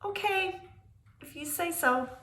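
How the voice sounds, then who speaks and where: A woman reading a spooky children's book aloud with dramatic delivery, pausing to speak to her young listeners. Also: extremely high pitch, bright, forceful tone, a little hiss or hum. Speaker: storyteller. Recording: roomy echo.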